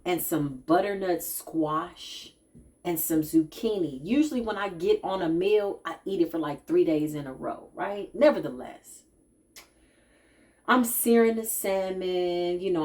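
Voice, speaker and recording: A woman giving a casual spiritual tarot reading to her viewers, chatty and animated, often laughing and calling them y'all. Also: fairly low pitch.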